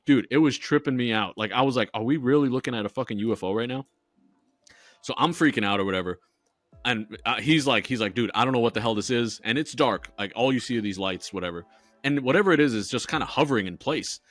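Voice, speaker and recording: A man's voice: mid-range voice, quick pace, fairly bright tone, no room sound. Swearing laid-back man telling navy stories. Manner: swears a lot, laughs through stories. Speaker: podcast co-host. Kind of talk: casual chat.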